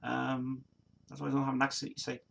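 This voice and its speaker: Reading viewer comments on a casual livestream, a man in his 40s from Nottingham speaks with an East Midlands accent, rambling with frequent restarts, fillers and laughter. His mid-range voice is monotone, creaky and fairly bright, a little fast, and a faint hiss or hum sits underneath.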